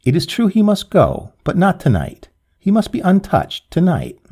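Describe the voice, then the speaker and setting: Distraught young woman played by a man, high-pitched, pleading, frantic, mellow tone, story reading. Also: huge pitch swings, normal speed, breathy edge, exaggerated voice. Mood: eerily calm. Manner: pleading, then shrill and frantic.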